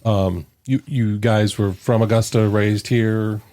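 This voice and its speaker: A man's voice: on the low side, fairly even intonation, slow, dark tone, dry recording. A man hosting a podcast, asking easygoing questions and giving short, encouraging responses. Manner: brief encouraging backchannels. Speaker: podcast host. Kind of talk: casual interview chat.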